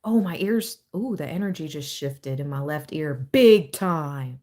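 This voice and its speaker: A young woman hosting a live tarot reading, chatting casually and excitedly with frequent laughter. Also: deep voice, unhurried, few pauses.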